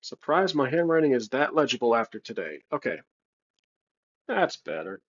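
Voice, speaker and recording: With a cat nearby in his home, a man talks his way through a solo tabletop game, writing, rolling dice, and stumbling over fillers and self-corrections. His mid-range voice swings widely in pitch at a normal speed, sounding slightly rough on dull audio.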